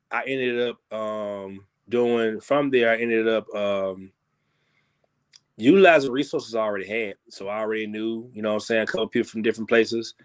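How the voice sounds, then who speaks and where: Rambling, casual man talking shop. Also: clean tone. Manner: loose, rambling, peppered with "you know what I'm saying"; grows animated and higher when making a point. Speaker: guest musician. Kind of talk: casual interview talk.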